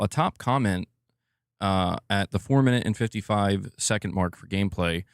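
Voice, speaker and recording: A man's voice: on the low side, normal speed, smooth, dry recording, clean studio sound. A man hosting a live stream, chatting casually and bluntly, swearing and laughing a lot while reading viewer comments. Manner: blunt, profane, laughs often.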